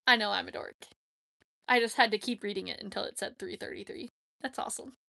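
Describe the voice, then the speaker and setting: Woman, casual livestream chat, bright voice, gravelly edge. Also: medium pitch, brisk, dry recording, clean studio sound. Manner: chatty, giggly, talks to herself. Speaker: livestream host.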